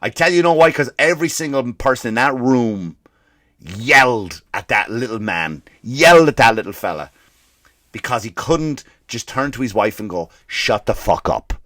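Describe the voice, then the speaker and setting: A male comedian and podcast host ranting in a profane, animated way, slipping into mock voices for the people he quotes. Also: medium pitch, moderate pace, no echo, studio quality. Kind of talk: comedic rant.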